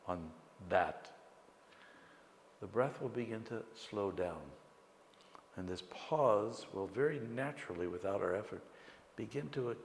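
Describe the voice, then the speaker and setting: Leading a guided meditation lecture, this teacher speaks in a very deep voice, calm and slow with pauses between phrases. A long reverb tail fills the echoey hall, with faint room ambience and a little hiss or hum underneath.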